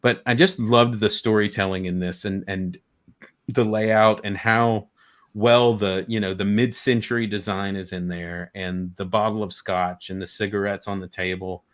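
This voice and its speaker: A man's voice: fairly low pitch, steady tone, moderate pace. A man chatting casually as a guest over a video call, rambling enthusiastically with many restarts. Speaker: guest collector. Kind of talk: casual chat.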